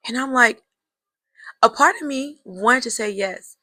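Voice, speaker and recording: A woman's voice: on the high side, measured pace, sharp tone, no echo. A young woman telling a personal story to her viewers in a casual, chatty way, talking to them as girl and y'all and drawing a life lesson from it. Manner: reflective, draws life lessons.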